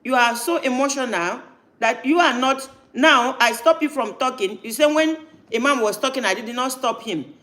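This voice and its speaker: A man's voice: very high voice, moderate pace, bright, forceful tone. A man hosting a live stream, talking insistently and cutting in with repeated no's. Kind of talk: heated live-stream talk.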